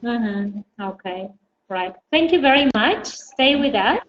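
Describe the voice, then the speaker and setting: Speaking slowly in an animated, fairly high voice, a woman runs an online English lesson and patiently calls on students by name. The recording comes across as echoey, dull, and a bit noisy.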